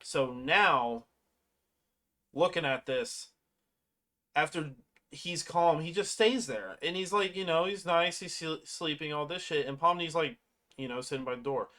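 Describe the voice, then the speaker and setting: Casual movie recapper, rambling and profane, mid-pitched voice, slips into animated quotes. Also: unhurried. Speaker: movie reviewer.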